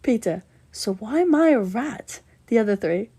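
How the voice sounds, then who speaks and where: A woman's voice: on the high side, lively intonation, normal speed, mellow, slightly rough. A woman doing a put-on British accent, reading fan posts aloud for comedy and naming each speaker before their line. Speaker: content creator.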